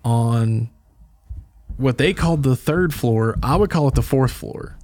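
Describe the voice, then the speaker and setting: A man's voice: medium pitch, unhurried. A man hosting a podcast, telling a story in casual chat and chuckling as he talks. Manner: animated storyteller, chuckles while talking. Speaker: podcast host.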